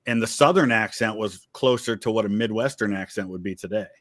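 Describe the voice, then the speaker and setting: A man's voice: fairly low pitch, a little fast, a bit bright. A man from Ohio, a guest on a casual livestream, explaining things thoughtfully.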